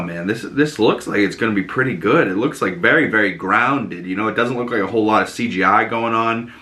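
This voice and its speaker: A man's voice: lowish voice, pushed and bright. A young man hosting a casual home vlog, rambling and chatty with plenty of fillers. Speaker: host.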